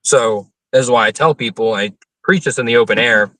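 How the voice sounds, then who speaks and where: A man's voice: mid-range voice, brisk, sharp tone, no echo, far from the mic, rough recording. A young man, an open-air preacher, earnestly answering interview questions about theology, with frequent fillers and restarts.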